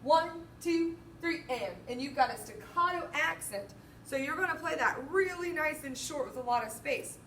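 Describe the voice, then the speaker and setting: A woman teaching a band lesson, counting beats out loud and singing the rhythms as she walks through the parts. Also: sits high, expressive, moderate pace. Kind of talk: music lesson walkthrough. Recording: roomy, distant mic, faint noise.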